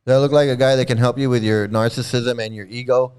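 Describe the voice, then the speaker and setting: A livestream host with a medium-pitched, steady, slightly mellow and smooth voice speaks at a quick pace. He rants in indignant, mocking fashion with plenty of repetition during casual commentary.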